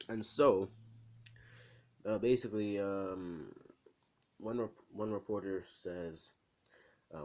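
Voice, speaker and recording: A man casually retelling a fan-made story in a rambling, animated way. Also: sits low, unhurried, long pauses, highs cut off.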